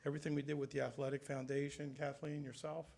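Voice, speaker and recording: A man's voice: on the high side, level tone, fast talker, gravelly, darkish tone. A man on a town council giving heartfelt farewell remarks to colleagues at a public meeting, speaking earnestly and conversationally. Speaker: council member.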